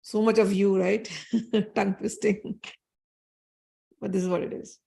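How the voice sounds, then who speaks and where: Creaky woman retelling scripture. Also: mid-range voice, unhurried. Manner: animated, explains and retells with quoted voices. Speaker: spiritual storyteller. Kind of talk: scripture storytelling with commentary.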